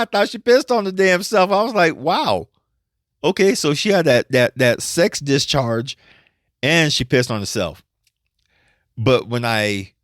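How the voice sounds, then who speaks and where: A man's voice: lowish voice, fairly bright tone, no echo, clean studio sound. Blunt, profane male podcast host. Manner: blunt, profane, laughs often. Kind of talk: casual podcast monologue.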